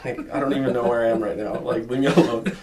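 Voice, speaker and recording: Slangy, animated young man, distant mic. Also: medium pitch, fast. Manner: energetic, slangy, says "dude" and "like" a lot. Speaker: podcast guest. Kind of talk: casual chat.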